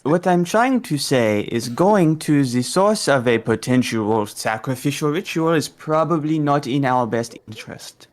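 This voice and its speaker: A man's voice: fairly high pitch, lively intonation, measured pace, few pauses. Man with dry, sarcastic quips. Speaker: player. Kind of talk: tabletop game banter.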